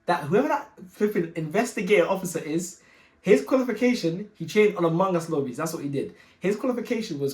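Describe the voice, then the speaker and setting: A young man telling a personal story in a casual, animated, slangy way, often exasperated and quick to laugh. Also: high-pitched, reverberant.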